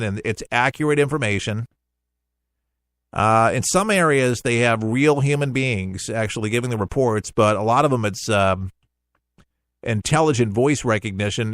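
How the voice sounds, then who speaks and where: A man's voice: medium pitch, a bit bright, no room sound, clean studio sound. Rambling middle-aged male radio host. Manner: folksy, rambling, self-interrupting. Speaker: radio talk show host. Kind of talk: casual talk radio monologue.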